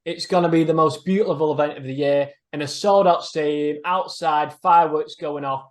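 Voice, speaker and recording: Fluent male interviewer, slightly high voice. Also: steady tone, normal speed. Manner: fluent, smooth, admiring lead-in questions. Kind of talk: prepared interview questions.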